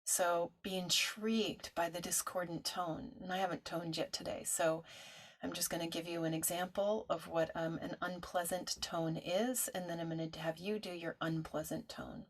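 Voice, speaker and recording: A woman teaching a vocal toning practice, talking listeners through it in a gentle coaching way and showing the sounds herself. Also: steady tone, moderate pace. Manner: gentle coaching, demonstrates high owl-like hoo tones. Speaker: meditation teacher. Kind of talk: guided toning instruction.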